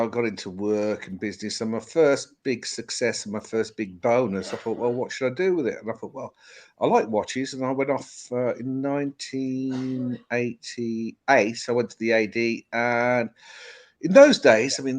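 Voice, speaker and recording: A man's voice: mid-range voice, moderate pace. A middle-aged man from England chatting casually and at length on a live stream about his collection, rambling and laughing often. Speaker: guest watch collector.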